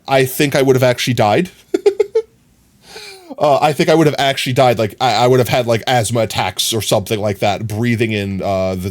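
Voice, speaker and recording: A man streaming live, chatting casually with viewers and telling stories in a loose, rambling way, full of fillers. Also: mid-range voice. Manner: reads and answers chat comments.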